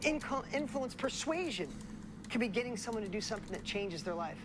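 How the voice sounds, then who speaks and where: A woman's voice: on the high side, lively intonation, fairly quick, background noise. A woman giving a motivational seminar speech, preachy, repeating key phrases and asking the audience questions. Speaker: motivational speaker.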